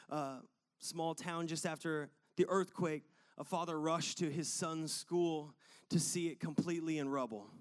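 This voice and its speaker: A male pastor with a fairly high voice preaches a sermon. He tells a personal story and acts out the voices in it, laughing often. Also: clear, resonant tone.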